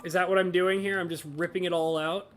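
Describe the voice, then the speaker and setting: A woman's voice: fairly low pitch, level tone, fast talker, soft background music. A woman streaming a building game, chatting casually and talking to herself, with frequent exasperated exclamations. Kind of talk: casual live-stream commentary.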